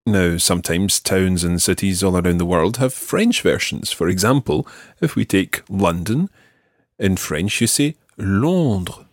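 A man with a husky, fairly low voice leads a French lesson. His delivery rises and falls a great deal as he models each phrase slowly and patiently. The recording is close and dry. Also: animated, no echo. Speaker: French teacher. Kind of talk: language lesson with a learner.

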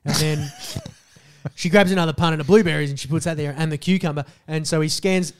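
A man telling a story on a casual podcast. He swears freely and is animated, with loud bursts when he quotes people. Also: a little high, brisk. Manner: animated, profane, jumps into loud voices when quoting people. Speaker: podcast co-host.

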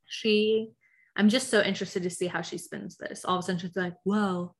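A young woman co-hosting a podcast in casual chat, blunt and quick to swear, laughing often and filling with "like". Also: mid-range voice, steady tone. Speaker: podcast co-host.

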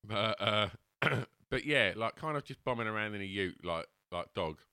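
A man's voice: lowish voice, lively intonation, moderate pace, bright, forceful tone, clean tone, no echo, clean studio sound. A man co-hosting a podcast, telling stories with many stammered restarts. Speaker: podcast co-host. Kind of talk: casual comedic chat.

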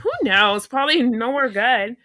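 A woman co-hosting a casual podcast chat, telling animated stories, swearing freely and acting out what people said, sniffly with a cold. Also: a little high, normal speed, no echo. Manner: animated storytelling, swears freely, acts out quotes. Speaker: podcast co-host.

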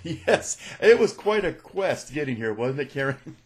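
A man hosting a radio talk show, interviewing a guest in a relaxed, joking way. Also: a little high, unhurried, husky. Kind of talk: casual interview.

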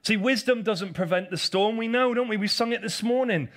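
A man's voice: sits high, a little fast, a bit bright. A male pastor preaching a live sermon to a congregation in a church. He repeats key phrases for emphasis, asks for responses and teases people in the pews. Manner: addresses the congregation directly, calls for responses and teases members.

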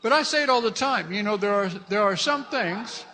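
A man's voice: high-pitched, lively intonation, normal speed, pushed and bright. A middle-aged man preaching a fervent sermon as pastor, repeating his phrases and calling out hallelujahs. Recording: long reverb of a large hall.

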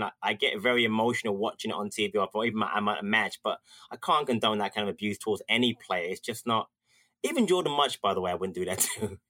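A man's voice: lowish voice, sharp tone. A man co-hosting a casual football podcast, rambling through his point with frequent restarts. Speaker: podcast co-host.

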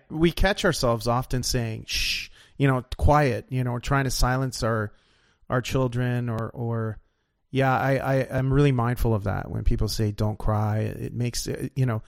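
A man hosting an interview, asking measured, reflective questions and sharing his own experience. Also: medium pitch, fairly even intonation, vocal fry, no room sound, studio quality. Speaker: podcast host. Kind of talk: conversational interview.

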